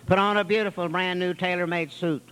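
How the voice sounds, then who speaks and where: A man's voice: high voice, fairly even intonation, brisk, a bit bright, clear, resonant tone, poor audio. A man speaking at a recovery meeting, telling his story in a folksy, wry way with long piled-up lists. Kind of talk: storytelling testimony.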